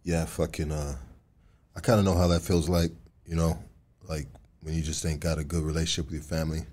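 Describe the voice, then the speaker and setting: A man's voice: extremely low pitch, little pitch movement, fairly quick, darkish tone. A man in his forties hosting a podcast, laid-back and casually profane. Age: 40s. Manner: laid-back, swears casually, short backchannels. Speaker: podcast host. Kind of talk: casual interview chat.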